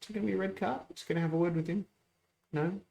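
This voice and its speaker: A man hosting a gaming channel, chatting casually through a football management game, rambling, correcting himself and getting excited over goals. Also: sits high, rapid-fire, vocal fry. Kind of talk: casual let's-play commentary.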